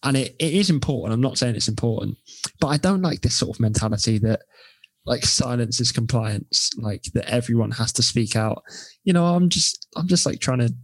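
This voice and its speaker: A man's voice: medium pitch, a little fast, breathy edge, no echo. Young man, laid-back co-host. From England. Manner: relaxed, rambling, dry humor. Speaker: podcast co-host. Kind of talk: casual chat.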